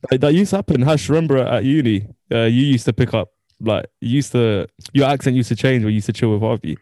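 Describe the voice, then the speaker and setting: A man's voice: mid-range voice, dark tone, no room sound, clean studio sound. A young man, a podcast co-host, teasing his friends in slangy, casual talk. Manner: teasing, slangy and quick to laugh. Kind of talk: casual banter among friends.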